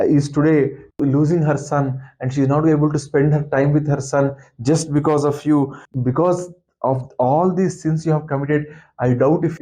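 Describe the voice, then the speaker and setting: A man's voice: a little high, mellow, highs cut off. A man retelling and explaining an epic scripture, reciting verses and paraphrasing them in a conversational way.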